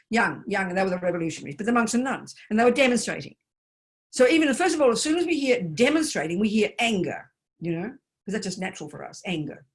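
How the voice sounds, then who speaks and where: An older woman, a Buddhist nun, giving an emphatic dharma talk full of rhetorical questions. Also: on the low side. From Australia.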